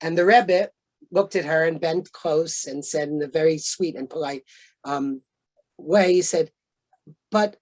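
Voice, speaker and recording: A man lecturing on a video call, telling anecdotes in a relaxed conversational way with frequent fillers and restarts. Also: on the high side, a little slow, long pauses. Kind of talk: storytelling lecture.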